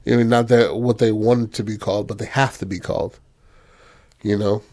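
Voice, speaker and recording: A man's voice: lowish voice, fairly even intonation, moderate pace, darkish tone. A man hosting a podcast, retelling a film in loose, slangy casual chat full of fillers. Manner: loose and slangy, heavy on fillers like "you know".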